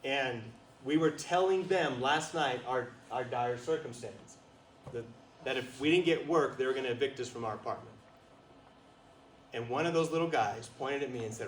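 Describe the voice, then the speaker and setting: Lively storytelling man, echoey room. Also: medium pitch, moderate pace. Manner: animated storyteller, laughs often, asks the audience questions. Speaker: guest speaker at a retreat. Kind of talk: storytelling talk to an audience. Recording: roomy, distant, faint noise.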